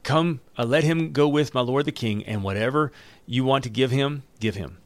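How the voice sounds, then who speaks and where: A man's voice: mid-range voice, moderate pace, no room sound. A man reading a Bible passage aloud, now and then stopping to retell it loosely in everyday words. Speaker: Bible reader and teacher. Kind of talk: Bible reading with casual commentary.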